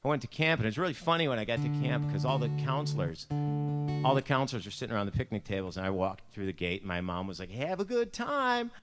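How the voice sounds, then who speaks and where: A man's voice: on the low side, quick pace, soft background music. A man from Buffalo, New York, with a Buffalo accent, telling a self-mocking personal story in a church devotion. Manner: chatty, self-mocking, acts out voices in his anecdotes.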